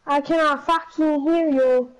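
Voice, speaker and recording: An Irish woman streaming a game, chatting casually with a teammate, loud and swearing as she calls out to him. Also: high voice, steady tone, measured pace, poor audio. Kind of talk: casual gaming chat. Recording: music playing behind voice.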